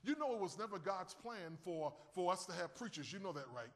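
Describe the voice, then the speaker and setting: A man preaching a sermon, animated and calling on his listeners to answer and raise their hands. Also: high voice, a little fast, big-room sound. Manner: animated, calls on the audience to respond.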